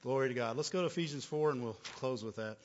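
In a church hall, a man preaching as pastor speaks fast in a medium-pitched voice. His points are repetitive and call-and-response, peppered with "right?" and "amen?", with frequent stammering and laughter, all captured in dull lo-fi sound with long reverb.

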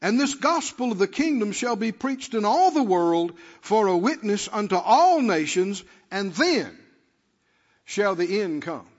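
Male preacher, high and fervent, muffled recording with long church echo. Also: very animated, unhurried. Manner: calls out to the congregation, rising to shouts. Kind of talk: sermon.

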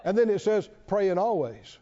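In a dull, lo-fi recording with church hall reverb, a man preaches to his congregation at a moderate pace. His voice sits high with a dark tone and big pitch swings, and he's emphatic, repetitive, and fond of asking the listeners questions.

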